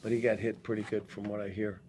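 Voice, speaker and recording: A man's voice: on the low side, level tone, darkish tone, slight background noise. An older man coaching basketball, answering press questions bluntly with many restarts, at a post-game press conference. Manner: blunt, halting, frequent restarts.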